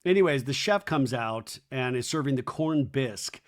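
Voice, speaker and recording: Male podcast host, mid-pitch, gossipy recap delivery with quick put-on voices. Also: animated. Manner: chatty, mimics cast members in high mocking voices. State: hiccups. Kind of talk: casual recap commentary.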